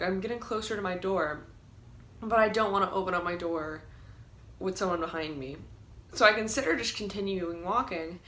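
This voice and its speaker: A woman's voice: lowish voice, fairly bright tone. Chatty young woman telling a storytime. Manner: chatty, filler-heavy with frequent "like"; laughs while telling stories. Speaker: vlogger. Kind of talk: storytime vlog, casual storytelling.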